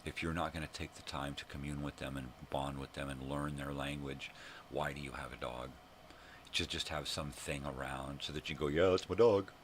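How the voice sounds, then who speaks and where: A man's voice: very deep voice, flat delivery, moderate pace, background noise. An older man ranting casually and profanely to camera, exasperated and blunt. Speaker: vlogger.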